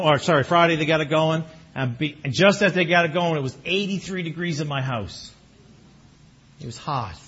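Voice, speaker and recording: Male pastor, middle-aged, high husky voice, animated sermon delivery, dull lo-fi recording. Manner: animated, bursts into excited exclamations. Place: church sanctuary. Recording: muffled lo-fi recording.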